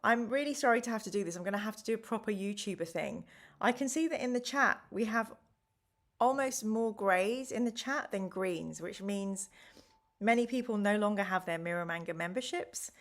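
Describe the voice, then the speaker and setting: A woman's voice: medium pitch, normal speed. A woman hosting a live gamebook stream, chatting casually and answering viewers by name.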